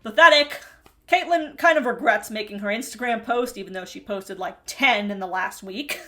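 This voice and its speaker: A woman's voice: mid-range voice, moderate pace, a bit bright. A woman hosting a reality TV recap in a casual commentary style, snarky and chatty, laughing often between remarks.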